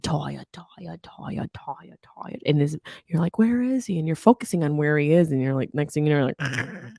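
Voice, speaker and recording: A woman's voice: low voice, no echo, clean studio sound. A woman in her thirties hosting a podcast, talking candidly with plenty of swearing and comic asides. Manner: candid, profane, animated. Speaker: podcast host. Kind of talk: casual comedic podcast monologue. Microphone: studio microphone.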